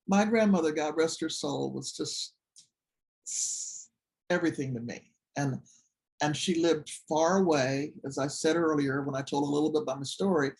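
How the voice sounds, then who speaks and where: A recovery support group leader from the Washington, DC area gives a personal, testimony-style talk in a gravelly voice at a moderate pace. His stories are animated, swinging from excited highs to soft, low asides.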